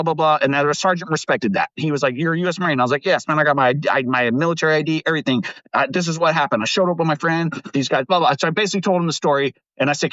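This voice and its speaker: A middle-aged man casually telling stories in a lively way, swearing and laughing often. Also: a little high, no room sound, muffled recording. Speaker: guest. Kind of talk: casual storytelling.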